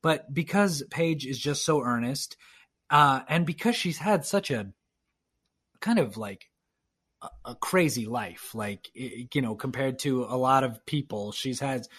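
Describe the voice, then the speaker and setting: A man as a podcast guest, telling a lively anecdote in casual chat and acting out quoted lines. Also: mid-range voice, unhurried, husky. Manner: animated, acts out quoted dialogue with restarts.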